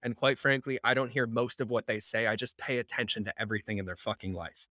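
A man's voice: mid-range voice, fast, pushed and bright, dry recording, studio quality. A man hosting a podcast, chatting casually and emphatically, swearing freely and often. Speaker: podcast host. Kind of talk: casual chat.

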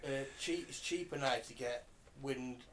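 A man's voice: mid-range voice, a little slow, a little hiss or hum. A man co-hosting a podcast, quizzing the others with facts in casual chat. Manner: quizzing, fact-dropping. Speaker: podcast co-host.

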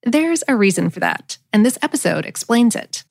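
A woman hosting a podcast, giving a brisk, friendly scripted introduction into a studio mic. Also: on the high side, big pitch swings, gravelly, no room sound, faint music behind. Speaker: podcast host.

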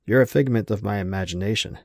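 A man's voice: fairly low pitch, fast, gravelly, no echo, clean studio sound. A man voicing a rattled male bartender nearing fifty, curt and flustered.

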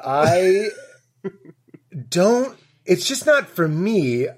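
A high-pitched man talks very slowly as a comedian guest on a podcast. He chats casually, tells animated stories, acts out quotes and laughs often.

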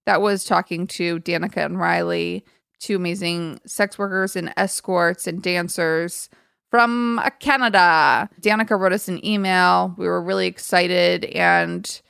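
A woman's voice: fairly low pitch, steady tone, a little slow, vocal fry, fairly bright tone, clear, resonant tone, no room sound, clean studio sound. A woman co-hosting a podcast in casual chat, teasing her friend and then speaking earnestly. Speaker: podcast co-host.

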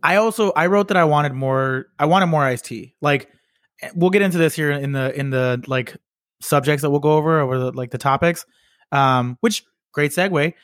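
A young man co-hosting a casual podcast, talking loosely and excitably with lots of fillers. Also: on the high side, normal speed, no echo, clean studio sound. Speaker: podcast co-host. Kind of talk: casual chat.

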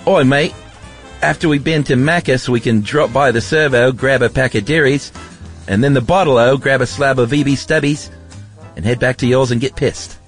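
Rowdy young bloke, a man putting it on, pitched up and loud, slangy banter. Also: moderate pace, faint music behind, lightly acted. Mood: boisterous. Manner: exaggerated put-on slang delivery. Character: rowdy young Australian man inviting a mate out drinking.

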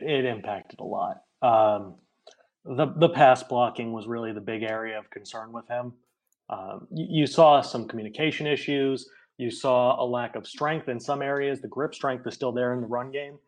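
Man explaining football ratings. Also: medium pitch. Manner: explains in quick bursts, often adds "right?". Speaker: guest ratings analyst. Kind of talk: casual podcast chat.

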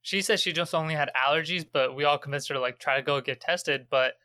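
Fast-talking bright-voiced podcast host. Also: male voice, a little high, no echo. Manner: casual, many "like" fillers. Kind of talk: casual podcast conversation.

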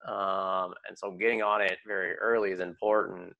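A man's voice: sits low, level tone, normal speed, creaky, sharp tone, lo-fi sound. A man hosting a podcast, explaining student loan planning in an upbeat, casual way with many fillers. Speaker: podcast host, loan advisor.

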